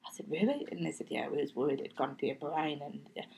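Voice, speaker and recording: A woman's voice: low voice, fast, creaky, warm tone, slight background noise, low-quality recording. A middle-aged woman, a podcast guest, telling her story in a chatty way and acting out what people said, sometimes dropping to a near-whisper. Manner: chatty, acts out quoted speech, slips into near-whispers. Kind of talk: casual interview storytelling.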